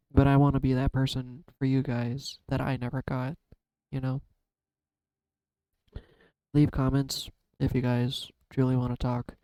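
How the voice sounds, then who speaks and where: A card-reading YouTube vlogger gives an emotional, personal talk to camera, holding back tears and trailing off as he looks for the right words. His medium-pitched voice is level, clear, dark, and resonant, a little slow with frequent pauses. There's no echo, though the recording quality is low.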